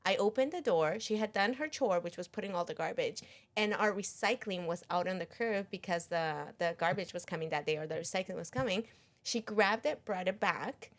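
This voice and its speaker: A woman's voice: on the low side, brisk. Woman, 30s, podcast co-host, casual and playful, laughs a lot. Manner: giggly, laughs often, teasing. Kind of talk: casual chat.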